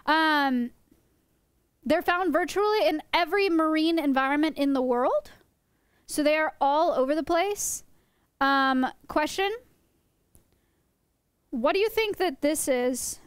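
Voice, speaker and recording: A woman's voice: high-pitched, slow, pauses often, dry recording. A young woman teaching her stream chat about animals in a playful, joking way, often laughing. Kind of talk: casual livestream lesson.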